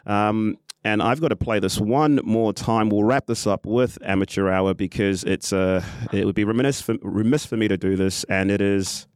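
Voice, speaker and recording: A man hosting a football podcast, telling a story in his own low voice. He chats casually, with plenty of ums and restarts, and acts out what others said. The sound is dry and close. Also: moderate pace, hardly any pauses, smooth, dry recording. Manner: animated, acts out quotes, many ums and restarts. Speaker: podcast host and football club official.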